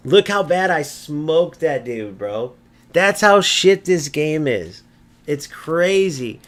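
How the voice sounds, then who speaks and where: A man with a fairly high voice calls out the game over live gameplay. His talk is brash and mocking, full of insults and swearing at other players. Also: big pitch swings, slow. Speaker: video game streamer. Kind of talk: gameplay commentary rant.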